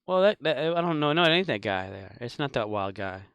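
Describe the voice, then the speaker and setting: A man's voice: mid-range voice, big pitch swings, fairly quick, gravelly, a bit bright, smooth, dry recording, clean studio sound. A man chatting casually on a live game stream, rambling with lots of fillers. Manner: rambling, filler-heavy, laughs at his own jokes. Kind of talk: casual live-stream chat while gaming.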